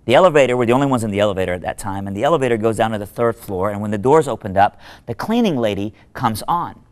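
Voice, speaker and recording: Animated male preacher telling a story. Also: on the low side, quick pace. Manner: animated, conversational storyteller with lively asides. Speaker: minister and speaker. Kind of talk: short devotional talk with storytelling.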